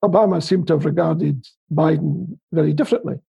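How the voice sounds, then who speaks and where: A man's voice: fairly high pitch, a little fast, gravelly, breathy edge, lo-fi sound. A Scottish man interviewing a guest in a casual political chat, asking wry, teasing questions. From Scotland.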